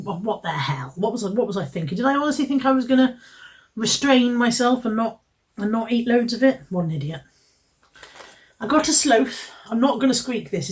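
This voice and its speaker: A woman's voice: medium pitch, a little hiss or hum. Chatty woman, slightly distant mic. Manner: chatty, self-mocking, rambling. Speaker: vlogger. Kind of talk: casual haul chat. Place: home, indoors.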